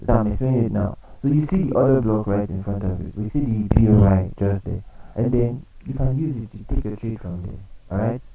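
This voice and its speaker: A man's voice: fairly low pitch, brisk, creaky, few pauses, warm tone, recorded from a distance, low-quality recording. Man coaching traders with quiz-style repetition. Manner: explanatory, repeats key points, asks rhetorical questions. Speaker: trading coach. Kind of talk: live trading analysis.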